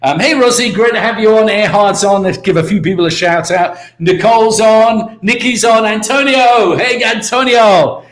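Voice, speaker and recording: High-voiced British motivational speaker. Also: male voice, moderate pace, few pauses, roomy sound. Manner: energetic, repeats key words, calls out to viewers. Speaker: network marketing mentor hosting a live stream. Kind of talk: motivational live talk.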